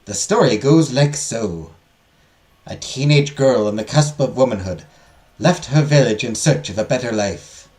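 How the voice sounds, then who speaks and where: A man's voice: expressive, a little slow, a little mellow, close to an everyday voice. A man playing a theatrical female teacher. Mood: storytelling. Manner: dramatic storytelling lilt, pitch swooping up. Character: female magical history teacher, grandly theatrical. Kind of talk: reading visual novel lines aloud.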